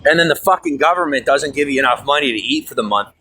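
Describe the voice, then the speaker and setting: A stressed, fired-up man venting on a livestream, swearing often and swinging from loud outbursts to low mutters. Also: fast talker, a little hiss or hum. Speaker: livestream host. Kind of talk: angry livestream rant. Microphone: phone.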